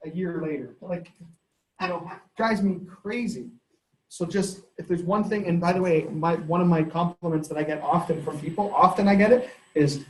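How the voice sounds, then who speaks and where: A man, a company head giving a sales training in a lively, storytelling way. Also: on the high side, fairly quick. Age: 30s. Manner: energetic, conversational, storytelling with laughs. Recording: echoey room.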